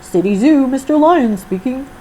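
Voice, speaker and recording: A woman voicing a brisk male zoo worker answering the phone in a storybook read-aloud, firm and loud. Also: sits high, expressive, a little hiss or hum, pitched above the performer's own voice, low-quality recording.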